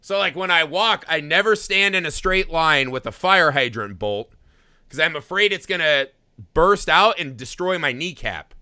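A man in his thirties, a parent, chatting casually about a film, animated and quick to laugh. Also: a little high, smooth, dry recording, clean studio sound. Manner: animated, laughing, swearing storyteller. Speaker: podcast co-host.

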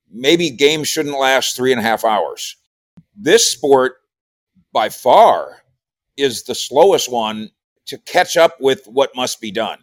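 In a studio-quality recording with no room sound, a sports columnist and podcaster chats casually on the radio as a regular guest. His mid-range voice rambles and repeats itself, becoming animated whenever he quotes someone.

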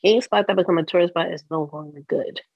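A man with a New York accent, talking emphatically in casual street slang on a podcast. His voice is gravelly and a little husky, and the recording is dry and dull, like lo-fi audio. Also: high voice, fast talker, no echo. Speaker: podcast guest. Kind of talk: casual chat.

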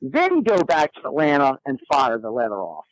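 A man telling a personal story as a guest, in a lively, animated way. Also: medium pitch, normal speed, no echo, low-quality recording. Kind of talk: storytelling in a conversation.

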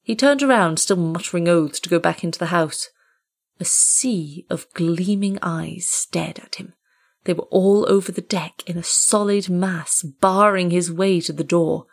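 Female story narrator, lower register, measured dramatic reading. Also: creaky.

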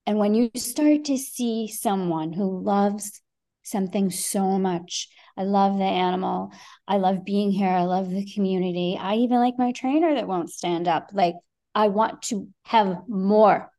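A middle-aged woman guest on a podcast, telling a story in a lively way, acting out quotes and swearing freely. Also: medium pitch, measured pace. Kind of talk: animated storytelling.

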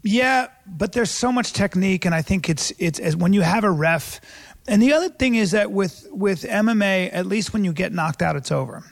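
A man chats as a guest on a podcast, brash and quick to joke. His voice is gravelly and husky, pitched a little high. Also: lively intonation. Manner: brash, joking, profane banter. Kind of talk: casual podcast chat.

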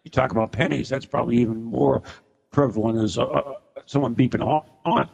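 Gravelly male radio host in a hall. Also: mid-range voice, fairly even intonation, a little fast, a little mellow. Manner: rambling, self-correcting. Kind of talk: casual on-air chat. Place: inn function room at a live broadcast.

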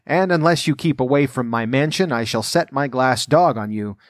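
A man's voice: mid-range voice, normal speed, no room sound, studio quality, natural voice. A man doing a haughty vain young lady. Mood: scornful.

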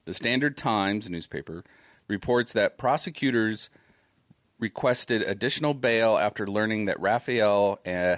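A man's voice: on the low side, a bit bright, no echo, clean studio sound. A man hosting a casual talk show, reading news items aloud with wry comments. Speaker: news-segment host.

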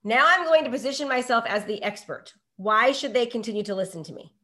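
A middle-aged woman with a fairly high voice leads a live online coaching session for real estate agents. She talks with lots of energy, keeps asking the group questions and checks in with "okay?" again and again. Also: a little fast, hardly any pauses. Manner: energetic, peppers talk with rhetorical questions and "okay?".

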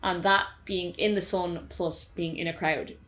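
A woman co-hosting a podcast in casual chat, blunt and quick to react. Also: on the low side, steady tone, fairly bright tone.

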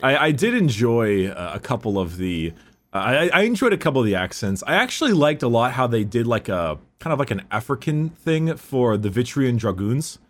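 Young man, casual book talk, relaxed, laughs a lot, swears, animated intonation. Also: mid-range voice, normal speed. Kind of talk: casual chat about books.

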